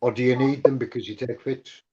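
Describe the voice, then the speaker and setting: A man's voice: mid-range voice, fairly even intonation, brisk, warm tone. A man on a call giving earnest advice in casual chat, often repeating himself. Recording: muffled lo-fi call audio with faint noise.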